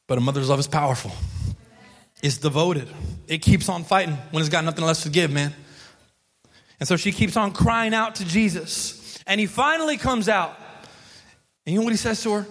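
Guy preaching a sermon, kinda high voice, chatty storytelling, repeats lines for punch, long hall reverb. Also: moderate pace, a bit bright. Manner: conversational storytelling, emphatic repetition. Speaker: pastor.

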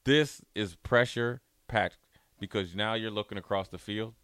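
A man's voice: on the low side, measured pace, a bit bright, clear, resonant tone, no room sound, studio quality. A man talking sports in a playful, riffing debate, spinning out game scenarios. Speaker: sports talk host.

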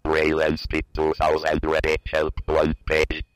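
A man playing back his old talking note-taker, a flat monotone male speech synthesizer voice. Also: a bass voice, unhurried, clean tone, no room sound.

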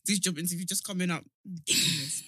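A woman chatting casually with a friend, animated and teasing, often breaking into laughter. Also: lowish voice, fast talker, breathy edge, no echo. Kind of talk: casual chat between friends.

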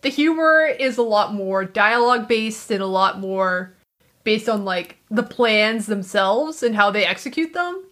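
A woman co-hosting a casual chat, lively and full of fillers, acting out quoted lines now and then. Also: medium pitch, unhurried. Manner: animated, many fillers, acts out quoted lines. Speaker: podcast co-host.

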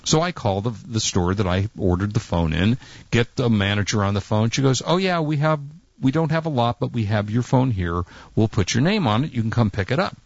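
A man's voice: mid-range voice, lively intonation, a little fast, creaky, no echo, dull audio. A man co-hosting a casual chat, telling a long story and acting out quotes in exasperated tones. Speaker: co-host.

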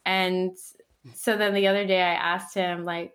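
A woman's voice: mid-range voice, flat delivery, unhurried, fairly bright tone. A woman in her thirties in a casual podcast conversation, telling stories animatedly and laughing often.

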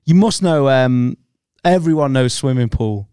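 A man's voice: mid-range voice, lively intonation, mellow, clear, resonant tone, no room sound, clean studio sound. A young man, chatting casually as a podcast co-host in a rambling, sweary way. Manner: rambling and sweary, with quick restarts. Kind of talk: casual chat.

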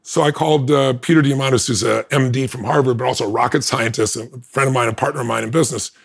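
With a gravelly, mid-range voice and a fast way of talking, this podcast guest tells an animated story from his own life. Between lines he laughs, and he imitates what others said.

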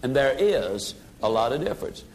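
An older man giving a sales seminar talk, acting out customers' voices and dropping his voice low for effect. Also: big pitch swings, moderate pace, a little mellow, slight background noise. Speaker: sales trainer.

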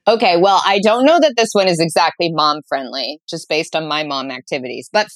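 A woman's voice: low-pitched, brisk, dry recording. A woman guest author on a casual interview show, talking enthusiastically with playful asides and frequent laughter. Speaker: guest author recommending date spots.

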